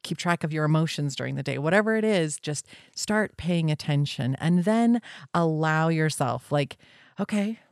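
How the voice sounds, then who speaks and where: A woman co-hosting a podcast in casual, enthusiastic conversation, breaking into animated voices when she quotes others. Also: sits low, normal speed, creaky, dry recording, clean studio sound.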